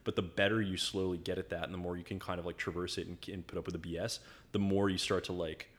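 A man's voice: sits low, flat delivery, quick pace. A man telling stories as a guest in a casual conversation, rambling and filling his talk with "like". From United States. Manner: rambling storyteller, filler-heavy, full of "like".

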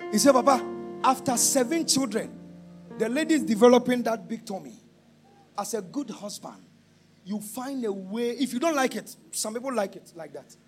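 A man preaching a sermon, shouting and half-singing, then dropping to a low confiding tone. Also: slightly rough.

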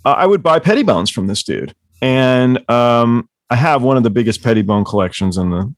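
A man's voice: mid-range voice, animated, moderate pace, no echo, studio quality. A man telling rambling, profane stories as the author guest on a casual book club chat. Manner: rambling, profane, laughing storyteller.

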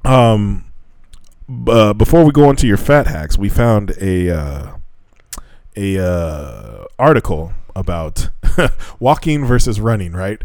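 A man co-hosting a casual podcast about gym results, swearing and laughing often and mimicking other people in high voices. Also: expressive, slow, a little mellow, no echo, low-quality recording. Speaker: podcast co-host. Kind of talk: casual chat.

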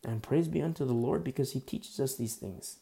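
A man's voice: mid-range voice, moderate pace, vocal fry, warm tone. A man preaching a sermon in a conversational, folksy way, with asides and quoted lines. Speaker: pastor.

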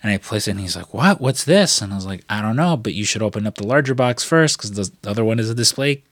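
A man's voice: on the low side, lively intonation, quick pace, no room sound, clean studio sound. Rambling, swearing man in casual chat. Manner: rambling storyteller, swears freely, many fillers.

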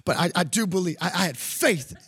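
High-voiced animated preacher man. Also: brisk. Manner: animated storytelling with laughs, building to emphatic calls. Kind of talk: sermon with a personal story.

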